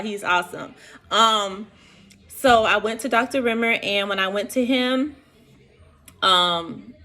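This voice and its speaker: A woman's voice: lowish voice, fairly bright tone. A young woman tells viewers her personal story in an earnest, emotional vlog, speaking to them directly. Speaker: vlogger sharing her diagnosis.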